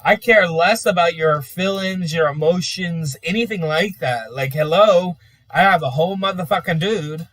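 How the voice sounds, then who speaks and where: Guy ranting and cussing, kinda high voice, sounds far from the mic but dry. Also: moderate pace, hardly any pauses, fairly bright tone, no room sound. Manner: profane, exasperated, repetitive. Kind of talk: ranting monologue.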